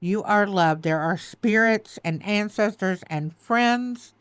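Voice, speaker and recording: A woman's voice: medium pitch, slow pace, clear, resonant tone, no room sound. A woman giving a tarot reading, choked up and tearful, repeating soothing affirmations. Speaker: tarot reader.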